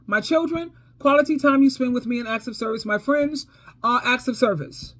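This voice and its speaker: A woman's high-pitched, a bit bright voice moves at normal speed as she shares casual storytime advice. The vlogger is emphatic and preachy, says "baby" and "girl" to her listeners, repeats herself, and laughs between points.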